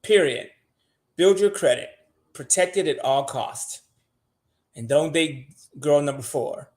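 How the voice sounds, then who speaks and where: A man's voice: fairly high pitch, animated, slow pace, a little mellow, reverberant, pitched below the performer's own voice. A man putting on a comic voice for a stern adviser lecturing his younger self.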